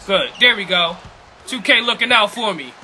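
A man's voice: high voice, lively intonation, moderate pace, bright, forceful tone. A young man giving hyped, trash-talking commentary on his own basketball video game match, repeating his taunts. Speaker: gaming YouTuber. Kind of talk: live gameplay commentary.

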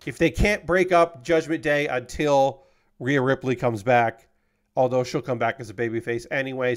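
A young man streaming as he builds a model kit, chatting casually and rambling with frequent fillers and casual swearing. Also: medium pitch. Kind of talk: casual chat.

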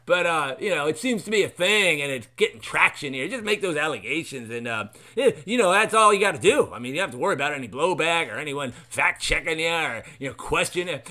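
A man's voice: fairly high pitch, lively intonation, brisk, pushed and bright. A man hosting a talk show, rambling sarcastically with many fillers while reading from an article. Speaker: podcast host. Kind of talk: sarcastic solo commentary. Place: at his computer reading an article.

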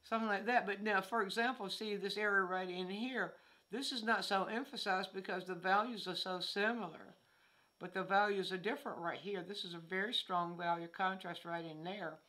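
A woman's voice: mid-range voice, steady tone, normal speed, bright, forceful tone. Older woman art teacher thinking aloud. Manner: thinking aloud with many restarts and fillers. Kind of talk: informal art lesson. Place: outdoors among fallen leaves.

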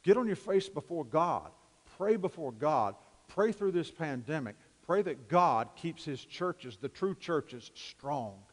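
Male pastor, emphatic sermon delivery with repetition, slightly high, long church reverb. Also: expressive, takes it slowly. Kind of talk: sermon and prayer. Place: church sanctuary.

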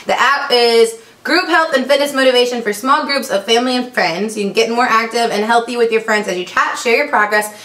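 A woman's voice: a little high, fairly bright tone. A young woman chatting through an unboxing vlog, upbeat and full of ums. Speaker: vlogger. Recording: echoey room, faint noise.

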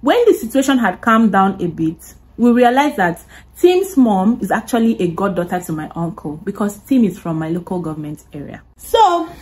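Animated Nigerian woman telling a story. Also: medium pitch, moderate pace, breathy edge. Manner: animated, laughing, swearing. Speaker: vlogger. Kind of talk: storytime vlog.

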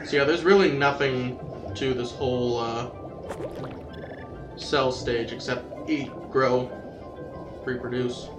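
A man giving casual, rambling gameplay commentary as a let's-play host, yelping excitedly whenever his creature gets attacked. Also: mid-range voice, takes it slowly, pauses often. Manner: chatty, rambling, excitable yelps when attacked. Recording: roomy, distant mic, game music behind. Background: game music.

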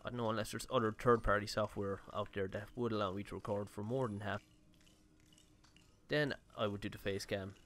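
A man's voice: lowish voice, steady tone, fairly quick, a bit bright, slight background noise. A man giving casual, rambling let's-play commentary on his own game session, with mild swearing. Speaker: gaming YouTuber.

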